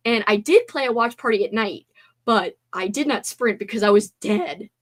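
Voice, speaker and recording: Young female streamer, slightly high-pitched, bubbly and giggly, a bit worn out. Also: expressive, normal speed. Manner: bubbly, giggly, reacts to chat. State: tired after a sleepover. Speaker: livestream host. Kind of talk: casual livestream chat.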